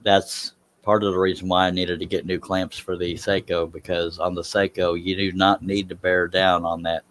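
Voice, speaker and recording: A man's voice: low-pitched, little pitch movement, moderate pace, fairly bright tone. A man chatting casually on a live stream while he works in his workshop. He talks in a rambling, self-deprecating way and laughs at himself.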